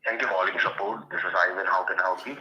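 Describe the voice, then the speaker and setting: A man with a low but very bright, sharp voice comes through on a muffled, echoey phone line. He reads from stiff, formal call-center phrasing, as if following a script. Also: steady tone, rapid-fire. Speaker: phone support agent (scam caller).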